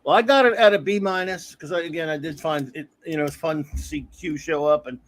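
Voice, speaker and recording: A middle-aged man chatting loosely as a show's host, slightly higher-pitched than most men. He rambles, backs up to fix his words and chuckles along the way. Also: a little fast. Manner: rambling, self-correcting, chuckles often. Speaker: podcast host. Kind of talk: casual review chat.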